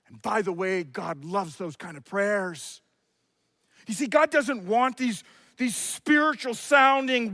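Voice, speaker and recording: A middle-aged man, a pastor, preaching a sermon with passion and sometimes shouting. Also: extremely high pitch, dry recording. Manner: impassioned, shouts out acted quotes.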